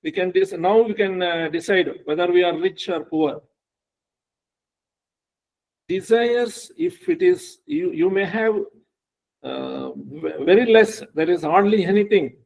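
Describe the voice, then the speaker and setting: A man teaches a spiritual lesson to an online class. His voice is gravelly and fairly high for a man. He tells stories haltingly, full of fillers and restarts. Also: a little mellow, low-quality recording. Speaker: Vedanta teacher. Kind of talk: online spiritual lecture with storytelling.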